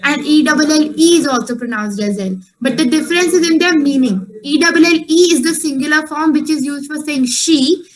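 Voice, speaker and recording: A woman teaches a beginner French lesson in a high voice. She is patient and repeats each point slowly so it sinks in. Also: low-quality recording. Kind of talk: online class instruction.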